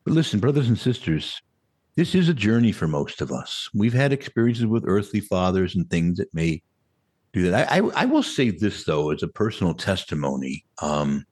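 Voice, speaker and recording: Husky, animated male priest preaching. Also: low voice, moderate pace. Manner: animated, conversational preaching with rhetorical questions. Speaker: Catholic priest. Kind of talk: sermon.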